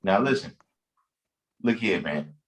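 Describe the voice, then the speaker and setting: A man on a live stream, telling a story slowly in street slang, laughing along. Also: low-pitched, lively intonation, low-quality recording. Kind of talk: casual live-stream chat.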